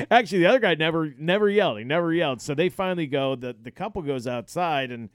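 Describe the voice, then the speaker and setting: A man co-hosting a podcast, telling stories in casual chat, animated and swearing freely. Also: a little high, quick pace, hardly any pauses, no room sound, clean studio sound. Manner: animated storyteller, swears freely, acts out quoted yelling. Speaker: podcast co-host.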